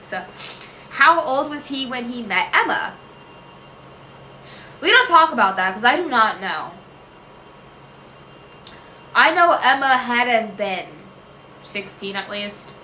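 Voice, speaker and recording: A woman's voice: fairly high pitch, animated, slow, long pauses, bright, forceful tone, echoey room, a little hiss or hum, low-quality recording. A woman answering viewer questions in a casual chat, rambling, often losing track, correcting herself and laughing.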